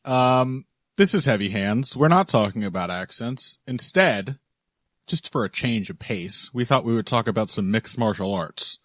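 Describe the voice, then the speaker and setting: A man hosting a podcast in relaxed, chatty talk, laughing often. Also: medium pitch, normal speed, no room sound. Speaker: podcast host. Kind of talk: casual podcast chat.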